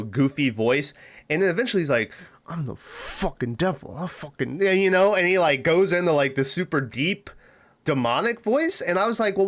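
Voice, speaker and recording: A man's voice: medium pitch, fairly bright tone. A man co-hosting a movie podcast, casually retelling scenes with rambling restarts and frequent laughs. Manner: rambling, laughs often, acts out movie lines. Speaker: podcast co-host. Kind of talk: casual movie review chat.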